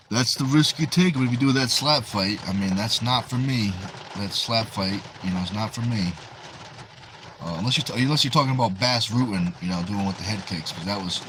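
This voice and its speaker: A man's voice: fairly low pitch, background noise. Laid-back New England man reading chat. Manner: easygoing, drawn-out reading of chat messages. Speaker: livestream host. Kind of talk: reading and answering live chat.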